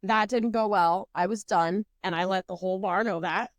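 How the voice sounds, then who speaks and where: A woman in her twenties, co-hosting a podcast, telling a story in an animated, profane way with lots of fillers. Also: mid-range voice, normal speed, dry recording. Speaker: podcast co-host. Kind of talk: casual storytelling chat.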